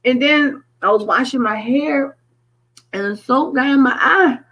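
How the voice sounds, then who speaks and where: A woman from Connecticut, a guest in a casual chat, telling stories in an animated way and acting out what people said. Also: sits high, measured pace, lo-fi sound. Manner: animated storyteller who acts out quotes.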